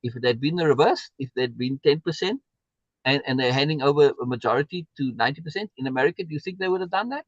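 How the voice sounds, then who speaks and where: A man's voice: on the high side, fast, no echo, highs cut off. A man hosting a live stream, talking in an emphatic way and repeating words for stress as he answers viewer comments. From South Africa. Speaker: livestream host.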